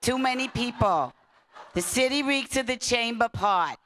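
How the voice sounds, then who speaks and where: A woman voicing a gruff, grumbling man who is tired of the city, with a put-on New York accent. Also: a little high, lively intonation, a little slow, a bit bright, a little hiss or hum. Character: gruff man complaining about a reeking city.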